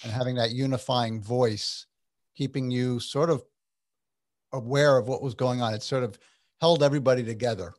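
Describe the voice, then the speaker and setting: A man's voice: medium pitch, fairly even intonation, moderate pace, darkish tone, no room sound, studio quality. A man interviewing a guest, responding reflectively in casual conversation. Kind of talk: casual chat.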